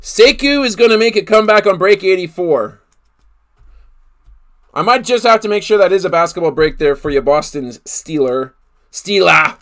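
A man's voice: high voice, animated, brisk, pauses often, fairly bright tone. A man hosting a live card break, calling out each player he pulls and exclaiming over the big hits. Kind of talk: live card-opening commentary.

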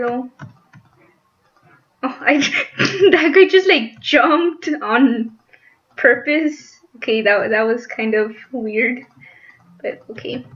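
Young female gaming host, high and unhurried, giggly commentary, lo-fi desk mic. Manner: chatty, giggly, squeals when startled. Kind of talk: casual gameplay commentary. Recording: dull lo-fi mic with faint noise.

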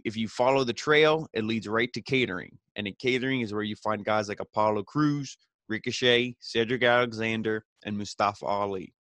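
Swearing, rambling young man, dry and low. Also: a bit bright, no echo. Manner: rambling, swears freely, many fillers. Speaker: podcast host reviewing wrestling. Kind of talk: casual recap.

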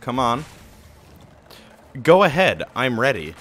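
A man giving live commentary while he plays a game. He is excitable, swears a lot and mocks his own mistakes. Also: medium pitch, a little slow, pauses often, soft background music. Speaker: game streamer.

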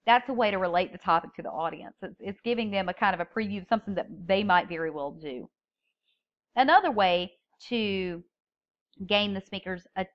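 A woman's voice: lowish voice, lo-fi sound. A woman teaching a public speaking class, explaining techniques and reading example openers aloud with strong emphasis on key words. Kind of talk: recorded classroom lecture.

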